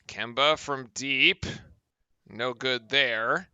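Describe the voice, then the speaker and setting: Bright, crisp-voiced basketball play-by-play man. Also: medium pitch, dry recording, muffled recording. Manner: brisk, excited calls of the action. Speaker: play-by-play commentator.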